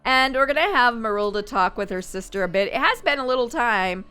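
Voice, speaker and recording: A woman's voice: on the high side, expressive, fairly quick, hardly any pauses, bright, forceful tone, clean tone. A woman hosting a gaming channel, chatting and thinking aloud as she plays. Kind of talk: casual Let's Play commentary.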